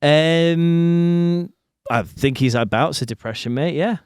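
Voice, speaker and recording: A man's voice: a little high, slow pace, a little mellow, smooth, no echo, studio quality. A man co-hosting a comedy podcast, teasing and joking and swearing freely. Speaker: podcast co-host. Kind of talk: casual comedy podcast chat.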